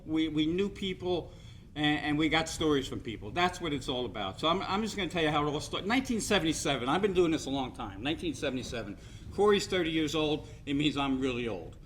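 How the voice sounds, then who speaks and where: A man's voice: fairly high pitch, fairly bright tone, a little hiss or hum. Rambling older man telling banquet stories. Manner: rambling storyteller, self-deprecating jokes. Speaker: sportswriter giving hall of fame speech. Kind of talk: after-dinner speech with anecdotes.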